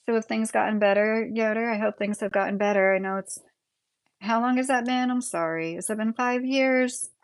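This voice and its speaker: Chatty Midwestern woman with vocal fry. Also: on the high side, moderate pace, no room sound. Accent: Midwestern American. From United States. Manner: chatty, rambling, filler-heavy, answers viewer comments. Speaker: livestream host. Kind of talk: casual livestream chat.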